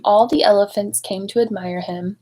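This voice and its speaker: A woman reading a picture book aloud to young children, expressive and adding chatty asides to her listeners. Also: mid-range voice, moderate pace, rough recording. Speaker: storybook reader at a speech clinic.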